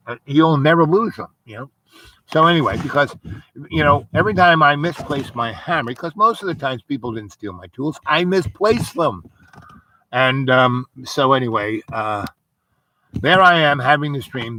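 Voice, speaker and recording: A man's voice: medium pitch, pushed and bright, a little hiss or hum, low-quality recording. A man telling a rambling personal dream story, meandering through asides and many fillers.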